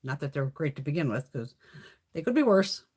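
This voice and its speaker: A husky woman chats casually on her beauty livestream, swearing freely and snarking as she tells stories. Her pitch jumps up and down a lot while she talks. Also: very animated, a little fast, a little mellow. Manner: blunt, profane storytelling with snarky asides. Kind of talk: casual chat.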